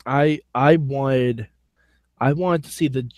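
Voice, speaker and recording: A man's voice: mid-range voice, slow pace, a little mellow, dry recording. A man co-hosting a casual podcast, blunt and dry in his opinions. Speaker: podcast co-host. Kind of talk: casual chat. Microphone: phone line.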